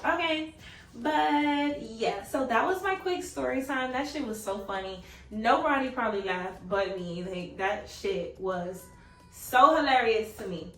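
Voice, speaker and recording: A woman's voice: a little high, expressive, a little slow, a bit bright, distant mic. Chatty young woman in an echoey room. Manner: chatty, swearing, laughing, quoting in a raised voice. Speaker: vlogger. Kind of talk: casual storytime. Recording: echoey room, away from the mic.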